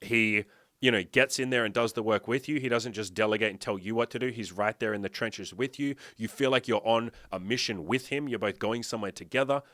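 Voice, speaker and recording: A man's voice: fairly low pitch, brisk, a bit bright, dry recording. Blunt, swearing man lecturing viewers. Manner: blunt, profane, emphatic lecturing; addresses viewers directly with rhetorical questions. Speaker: dating and fitness coach. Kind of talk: direct-to-camera motivational talk.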